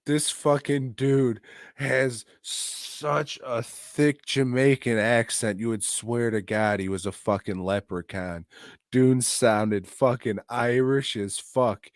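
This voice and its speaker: A man's voice: mid-range voice, fairly even intonation, slow, no echo, studio quality. A man co-hosting a podcast, casually reviewing a movie in a jokey, profane, rambling way. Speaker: podcast co-host.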